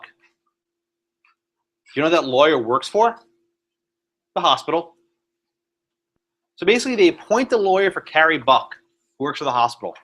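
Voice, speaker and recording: A law professor, a man, lectures to a room of students. His voice sits a bit high and swings up and down with energy. He leans on sarcasm and turns to ask students questions. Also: sharp tone. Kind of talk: classroom lecture. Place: classroom.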